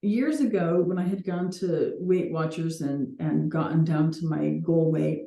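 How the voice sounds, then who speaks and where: A woman's voice: low voice, a little slow, vocal fry, dark tone, echoey room. A woman hosting a coaching call, talking earnestly and reflectively with light laughs now and then.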